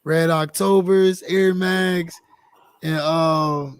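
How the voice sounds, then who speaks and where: A man on a casual panel chat who asks questions in an unhurried, curious way. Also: fairly high pitch, steady tone, a loud crowd.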